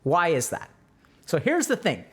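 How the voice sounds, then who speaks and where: Brief: a man lecturing on a livestream, conversational and animated, with a fairly high voice. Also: a little slow. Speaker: streamer giving a talk.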